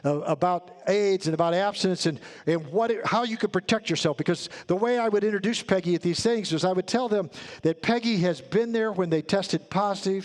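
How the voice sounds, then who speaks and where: A man's voice: high-pitched, expressive, a little fast. A man preaching a sermon as a pastor in church, telling a story earnestly and building to emphatic peaks. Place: church sanctuary.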